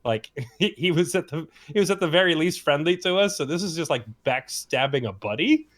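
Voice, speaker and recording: A man's voice: a little high, expressive, a little fast. Laughing, rambling male player. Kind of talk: casual chat.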